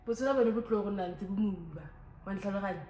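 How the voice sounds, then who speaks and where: A chatty young woman, talking to her viewers in a lively, casual way. Her voice carries the echo of a bare room, with a faint hum of ambience behind her. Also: mid-range voice, fast talker. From Botswana. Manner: chatty, animated, switches languages. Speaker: vlogger. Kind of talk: casual Q&A chat to camera.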